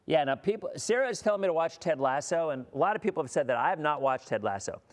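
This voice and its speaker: A man's voice: a little high, animated, fast talker. A middle-aged man from Florida, a weather broadcaster hosting a casual livestream and chatting in a rambling way. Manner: rambling, chatty, with frequent restarts. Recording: long hall reverb.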